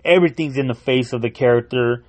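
A young man with a medium-pitched voice recounts a comic story with excitement. His casual telling is full of swearing, fillers and restarted phrases as he chases the images he remembers. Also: fast. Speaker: comic book fan retelling a story.

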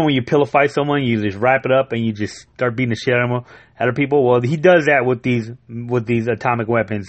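A man retelling a comic book in loose, rambling chat, swearing freely and getting worked up as he goes. His voice sits in an ordinary middle pitch and sounds close and dry, with no room echo. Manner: rambling, profane and excitable, often laughing. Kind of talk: casual chat.

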